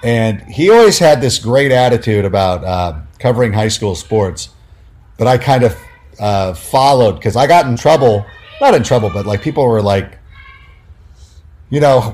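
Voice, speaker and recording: A man's voice: fairly low pitch, moderate pace. A man, a sports writer, telling stories casually in an interview, full of fillers and acted-out quotes. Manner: animated, many fillers, acts out quoted dialogue.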